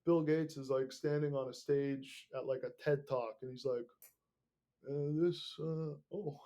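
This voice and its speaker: A young man hosting a podcast, rambling in casual, profanity-laden talk that swings between mumbled asides and loud bursts. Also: medium pitch, fairly even intonation, moderate pace. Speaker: podcast host.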